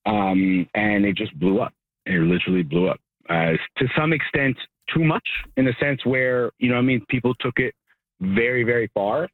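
A man who co-owns a restaurant, speaking as a radio guest by phone, hesitant with many pauses and ums. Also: medium pitch, no echo. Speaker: restaurant co-owner, guest on the line. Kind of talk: phone interview. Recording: phone-line sound.

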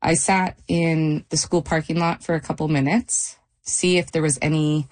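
A middle-aged woman retelling a frightening night in a halting, shaken interview. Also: low-pitched, little pitch movement, a little mellow. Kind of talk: personal testimony interview.

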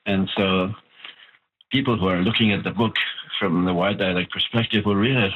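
A man, an author of a language book, giving measured, explanatory interview answers with pauses. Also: sits low, fairly even intonation. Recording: tinny phone-like line.

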